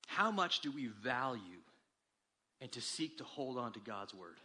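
A man preaching a sermon as pastor, with animated delivery that climbs for emphasis and drops low and quiet. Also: a little slow, breathy edge.

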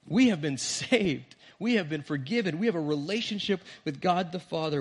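A man preaching a sermon to his church, earnest, rising on key words and dropping soft at the ends of phrases. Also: mid-range voice, breathy edge. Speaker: pastor.

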